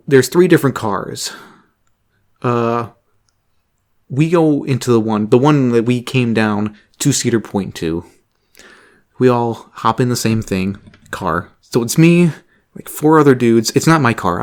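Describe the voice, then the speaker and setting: Young man rambling through a story. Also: medium pitch. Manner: rambling, laughing, swearing often. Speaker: vlogger. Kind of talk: casual storytelling.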